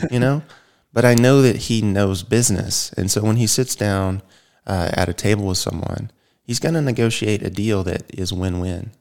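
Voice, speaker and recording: Low, gravelly man as an interview guest, blunt and rambling, swears freely, lots of "you know". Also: darkish tone. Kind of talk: casual opinionated monologue.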